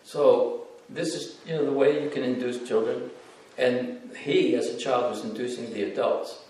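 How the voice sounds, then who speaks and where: Male devotional lecturer, animated storyteller, distant mic, very echoey hall. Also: medium pitch, moderate pace, slight background noise. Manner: animated, acts out the voices in stories.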